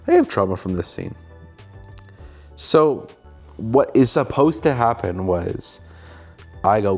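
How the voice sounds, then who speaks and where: A young man hosting a casual show, telling a story with animated delivery and acting out what people said. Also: on the low side, slow pace, pauses often, soft background music. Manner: animated, acts out quoted lines. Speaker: host, filmmaker.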